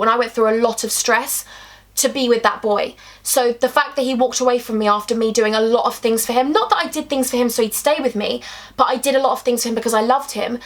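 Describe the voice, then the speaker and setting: A young woman from England telling a chatty, emphatic storytime vlog, acting out bits of dialogue. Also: a little high. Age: young adult. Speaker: vlogger.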